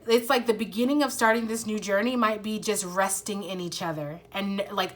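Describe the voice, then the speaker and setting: A woman's voice: mid-range voice, fairly even intonation, brisk, hardly any pauses. A woman giving a casual, earnest tarot reading to her viewers. She swears freely, uses many fillers, and fights back tears. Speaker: tarot reader.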